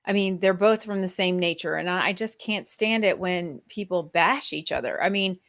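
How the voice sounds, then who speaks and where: A woman with a Midwestern accent co-hosting a casual podcast, talking in a slow, meandering way and laughing often. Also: lowish voice, a bit bright. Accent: Kansas City, Midwestern US. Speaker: podcast co-host. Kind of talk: casual chat.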